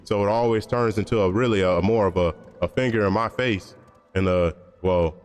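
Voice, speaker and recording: A man's voice: lowish voice, fairly quick, long reverb tail. A man streaming and chatting casually, blunt and opinionated, rambling with slang and profanity.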